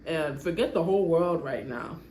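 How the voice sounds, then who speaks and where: A woman's voice: sits low, lively intonation, normal speed, dark tone. A woman voicing a stern father of the groom who bluntly confronts his son's bride. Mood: accusing. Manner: blunt and accusing. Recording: echoey room, faint background noise.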